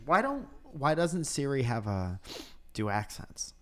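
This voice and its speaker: A man's voice: mid-range voice, very animated, a little slow. A man co-hosting a casual chat show at home, telling jokey rambling stories. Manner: joking, rambling storyteller. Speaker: podcast co-host. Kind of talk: casual banter. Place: home in Los Angeles.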